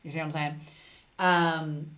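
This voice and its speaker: A woman's voice: lowish voice, animated, moderate pace, fairly bright tone. Chatty woman hosting a live stream. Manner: chatty, reads chat aloud, playful asides. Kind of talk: casual live stream chat.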